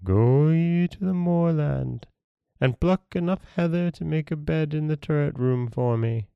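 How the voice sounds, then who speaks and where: A man voicing a ghostly maiden in a folktale reading, raised in pitch, with a hollow, solemn, old-fashioned way of speaking. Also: unhurried, gravelly, clean tone, dry recording, dull audio. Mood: commanding. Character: grey ghost turned maiden, a young woman.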